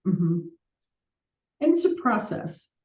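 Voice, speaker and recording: A woman's voice: mid-range voice, sing-song, takes it slowly, a little mellow, echoey room, slight background noise. A woman hosting a coaching call, talking earnestly and reflectively with light laughs now and then.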